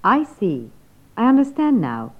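Woman student, polite questioner, lively pitch, thin phone-like sound. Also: a little slow. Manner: polite, inquisitive. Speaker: student in a lesson. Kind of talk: scripted language lesson. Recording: tinny phone-like old recording.

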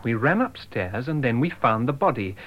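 An actor playing a shaken young man, speaking clearly and slowly for learners, on a dull lo-fi tape. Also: mid-range voice, sing-song. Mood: tense. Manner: clear, slow learner-friendly delivery.

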